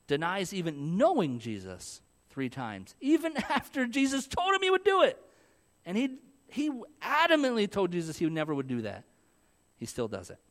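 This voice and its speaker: A young adult male pastor giving a sermon, talking conversationally and asking the congregation questions. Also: a little high.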